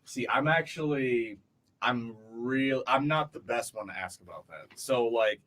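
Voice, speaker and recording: A man's voice: medium pitch, a little slow, fairly bright tone. A man co-hosting a casual podcast chat, rambling with lots of fillers and laughing easily. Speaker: podcast co-host.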